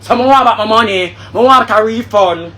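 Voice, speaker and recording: A woman's voice: a little high, normal speed, fairly bright tone. A woman with a Jamaican accent in a heated, angry rant, repeating and swearing. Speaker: vlogger.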